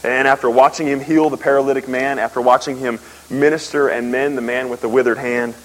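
A man preaching a sermon, emphatic, asking rhetorical questions and swinging from loud peaks to low, quiet lines. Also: fairly even intonation, brisk, poor audio. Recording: faint hiss.

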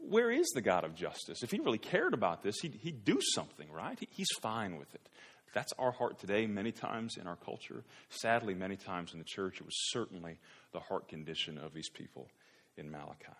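Animated male pastor preaching a sermon. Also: a little fast. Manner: animated preaching, mocking voices of complainers in a raised pitch.

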